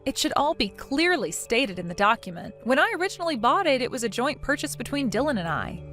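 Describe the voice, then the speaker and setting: A woman with a high, very lively voice reads a heated family argument aloud, sharp and mocking. Her pitch swings widely from line to line. Faint music plays beneath her. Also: a little fast. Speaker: reader voicing both sides of a text-message argument. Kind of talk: scripted story reading.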